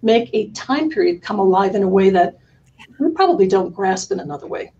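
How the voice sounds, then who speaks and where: Animated middle-aged woman, podcast guest. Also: medium pitch, a little fast, lo-fi sound. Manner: animated, laughs often, earnest about books. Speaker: curriculum company founder, guest. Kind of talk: conversational interview.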